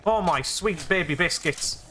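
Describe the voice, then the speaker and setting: A young man playing a zombie game, excitable and jokey, narrating his actions with "I said". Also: fairly high pitch, a little slow, very noisy. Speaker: gaming YouTuber.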